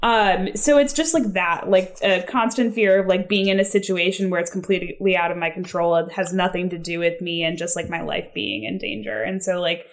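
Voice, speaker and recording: A woman's voice: on the low side, brisk, hardly any pauses. A young adult woman telling her recovery story as a podcast guest, rambling and self-deprecating, with lots of "like". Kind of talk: casual conversational storytelling.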